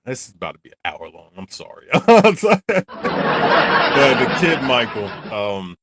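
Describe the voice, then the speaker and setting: A man's voice: on the low side, sing-song, normal speed, over a noisy crowd, very noisy. A man who hosts a reaction channel, talking casually and animatedly, rambling and laughing often. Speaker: channel host reacting to a film.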